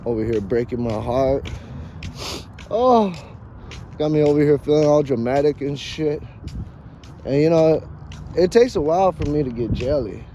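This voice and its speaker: A man's voice: on the high side, animated, normal speed, long pauses, mellow, dull audio, a little hiss or hum. A man talking in a casual, profane, rambling vlog monologue, emphatic and dramatic with joking asides, recorded outdoors. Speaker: vlogger.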